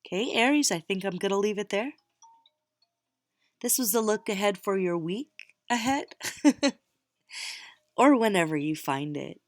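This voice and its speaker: A woman's voice: mid-range voice, normal speed, dry recording, faint music behind. A middle-aged woman reading tarot cards, talking casually and encouragingly straight to her viewers. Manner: warm encouraging pep talk, direct address. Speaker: tarot reader.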